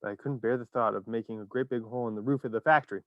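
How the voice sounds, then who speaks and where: A man's voice: medium pitch, steady tone, no room sound, highs cut off, close to an everyday voice. A man voicing a cheerful, eccentric candy maker who gushes with theatrical enthusiasm, in a storybook reading. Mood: thrilled. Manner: exuberant, theatrical, rapid bursts of enthusiasm.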